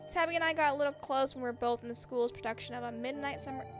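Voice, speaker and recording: A friendly small-town young woman who gossips and teases gently, voiced by a woman reading game dialogue. The voice sits high. Music plays clearly behind. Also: rapid-fire, natural voice.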